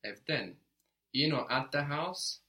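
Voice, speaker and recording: A man's voice: on the high side, expressive, slow pace, gravelly, bright, forceful tone. A man teaching a language lesson, patiently prompting a learner and giving short praise.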